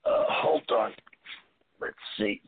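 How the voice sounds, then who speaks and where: A man with a New Jersey accent, a comedian guest on a radio show, friendly and talkative as he plugs his dates. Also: takes it slowly. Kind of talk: casual radio interview. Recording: tinny phone-line sound.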